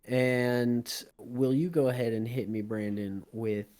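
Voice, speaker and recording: A young man co-hosting a music podcast, playful and excitable, laughing often in casual chat. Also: mid-range voice, measured pace. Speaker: podcast co-host.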